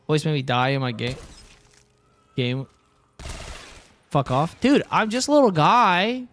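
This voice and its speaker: A young man livestreams and chats casually with viewers in a joking, rambling way. His voice is fairly high and a bit bright, with big pitch swings and a measured pace, over a little hiss or hum.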